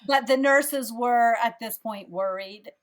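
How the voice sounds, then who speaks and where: A woman hosting a podcast interview talks in a reassuring, affirming way. Her voice sits a little high. The conversation is casual. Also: measured pace. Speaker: podcast host, lactation consultant.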